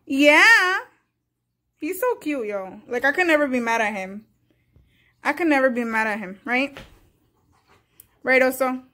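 A woman's voice: high voice, fairly bright tone. A woman vlogging at home, talking playfully to her dog and her viewers, hyper and exclaiming, filmed on a handheld phone. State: hyper from coffee. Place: at home indoors.

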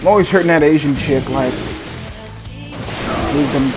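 A man giving casual, rambling gameplay commentary, joking around with sudden excited outbursts. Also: a little high, moderate pace. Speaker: gaming channel host. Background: game music.

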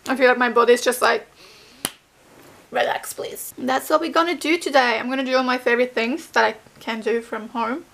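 Tired, sick young woman, soft and creaky. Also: on the high side, steady tone, fast, hardly any pauses. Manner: soft, tired, often drops to a whisper. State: sick with a fever. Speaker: vlogger. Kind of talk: casual vlog chat.

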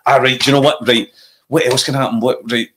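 A Scottish comedian telling an anecdote in casual chat, animated and slipping into impressions. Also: male voice, medium pitch, fast talker. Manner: animated, puts on voices and impressions. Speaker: comedian guest. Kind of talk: casual storytelling.

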